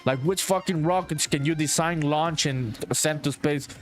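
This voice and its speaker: A man's voice: a little high, normal speed, soft background music. A man from Honduras, a solo game developer chatting casually on a live stream, swearing freely and reading viewer comments aloud. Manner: laid-back, profane, reads chat aloud and answers it. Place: home in a small town.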